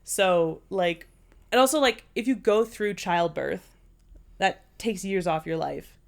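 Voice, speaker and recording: A woman's voice: lowish voice, slow pace, vocal fry. A young woman co-hosting a podcast, telling stories in casual, profane chat into a podcast microphone. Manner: profane, animated storyteller. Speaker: podcast co-host.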